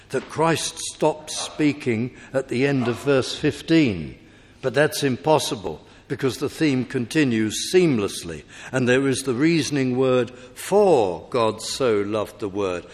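Preacher, man, slow and deliberate sermon delivery, emphatic rises, long reverb of a big hall. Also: mid-range voice, expressive, slight background noise.

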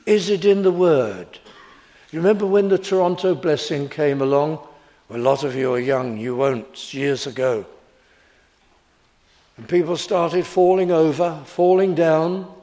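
Slow, emphatic preacher, a man. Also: on the high side, steady tone, warm tone. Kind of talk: sermon.

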